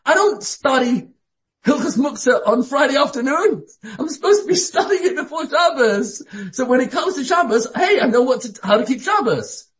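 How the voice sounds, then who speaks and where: A man teaching a sermon in an animated way, with frequent restarts as he builds his points. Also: extremely high pitch, moderate pace. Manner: animated, acts out quoted voices, frequent restarts. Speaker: Torah teacher.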